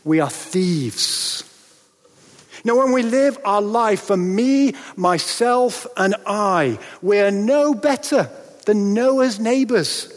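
A man preaching a sermon in a church, dramatic, with rhetorical questions and pauses for effect. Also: high voice, animated. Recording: long reverb of a large hall.

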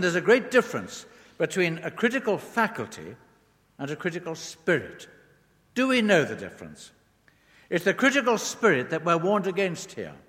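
Expressive male preacher in a reverberant hall. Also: a little high. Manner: expressive, rising and falling emphasis. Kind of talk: sermon. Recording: long reverb of a large hall.

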